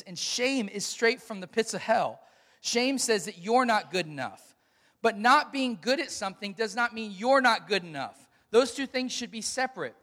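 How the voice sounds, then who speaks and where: Male pastor, high voice, emphatic sermon delivery, reverberant church hall. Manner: emphatic preaching with dramatic pauses and sudden soft asides.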